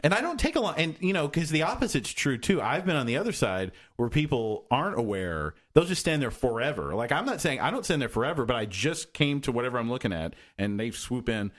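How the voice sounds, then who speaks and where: A man co-hosting a casual podcast, talking at a middle pitch. He rambles along with many restarts and fillers, circling back to his point. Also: sing-song, a little fast, hardly any pauses. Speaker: podcast co-host. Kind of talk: casual chat.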